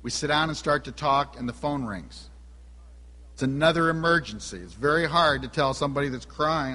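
With a slightly high voice and a sharp tone, a man delivers a sermon at a moderate pace as a pastor. He shares a personal story and puts questions to his audience, all in a space with long hall reverb.

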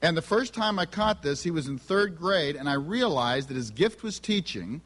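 Man, middle-aged, sermon, humorous family anecdotes, acts out dialogue, fairly high voice, long hall reverb. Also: lively intonation, moderate pace, fairly bright tone. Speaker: speaker on family and spiritual gifts. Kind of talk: sermon with personal stories.

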